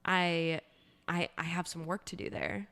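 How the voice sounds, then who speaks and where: A woman's voice: on the low side, steady tone, unhurried, a bit bright. A woman co-hosting a podcast in casual chat, playful and reflective, swearing at times. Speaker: podcast co-host.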